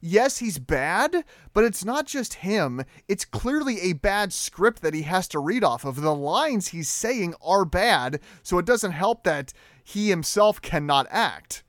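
A young man with a rather high voice hosts a movie podcast, talking in a casual, animated and opinionated way. His fillers and restarts come often. The sound is dry and close to the mic, with no room around it. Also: slow, no room sound. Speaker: podcast host. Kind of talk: casual movie review chat.

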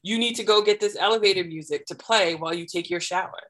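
A woman guest on a podcast explaining parenting and self-care ideas in a measured, deliberate way, building each point step by step. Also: mid-range voice, a bit bright. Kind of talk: explanatory conversational advice.

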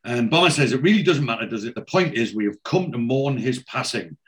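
A man's voice: mid-range voice, lively intonation, a little fast. A man chatting casually as a podcast host, retelling scenes and reading out characters' lines with plenty of ums. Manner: reads out character lines in a plain retelling voice, many fillers. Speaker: podcast host recapping a TV episode.

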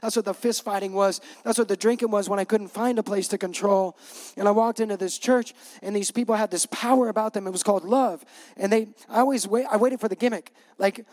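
A man's voice: sits high, fairly even intonation, a little fast, darkish tone. A middle-aged male pastor giving a conversational, emphatic sermon with repeated punch lines. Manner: gets choked up, laughing through emotion.

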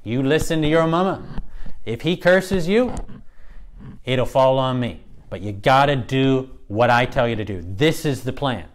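A man's voice: mid-range voice, natural voice. A man voicing a bossy mother hurrying her son along with insistent orders, in a Bible story retelling. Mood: commanding. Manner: hurried, insistent.

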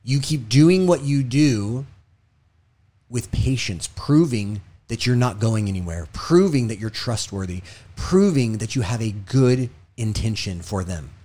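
Speaking at a measured pace with lively intonation, this ex-hostage negotiator delivers a motivational talk. He repeats himself for emphasis, lifting his voice in stories and going low and quiet on the important lessons.

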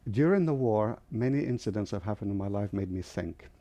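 A man's voice: on the low side, lively intonation, brisk, mellow. An older man from Lebanon, telling his life story as a vivid storyteller in an interview. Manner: vivid storyteller, acts out other people's voices. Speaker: guest, airline founder.

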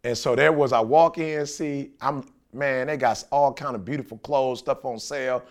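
A man's voice: mid-range voice, steady tone, normal speed. A man on a podcast telling a story in casual chat, acting out quoted lines with lots of slang. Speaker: podcast co-host.

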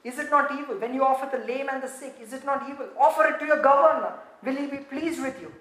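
A woman preaches with a high, bright-pitched voice, swinging from soft asides up to shouted lines and breaking into laughter along the way. Her voice rings around a roomy, echoing space. The delivery is lively and fervent. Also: fast talker. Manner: animated, building to shouts; laughs often while preaching. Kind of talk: sermon. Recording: roomy echo.

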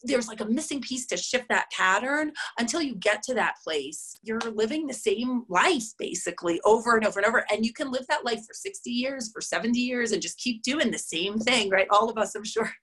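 A woman's voice: fairly high pitch, expressive, brisk, few pauses, a bit bright, slightly rough. A woman in her thirties or forties, a guest talking casually and loosely, with lots of fillers and restarts. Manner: rambling, many "like" fillers, restarts mid-thought. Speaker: interview guest, spiritual reader. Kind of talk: casual conversational explaining.

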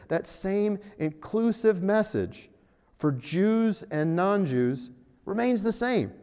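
A man's voice: a little high, darkish tone. A man preaching a sermon, earnest, with rhetorical questions and stressed key phrases, in a church hall. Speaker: pastor. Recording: echoey hall.

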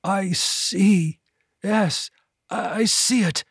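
A man reading an audiobook, voicing an ancient, eyeless, cruel old sorcerer with a raspy voice. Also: high voice, drawn-out words, no room sound, clean studio sound, voice pushed up, heavily acted. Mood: rasping.

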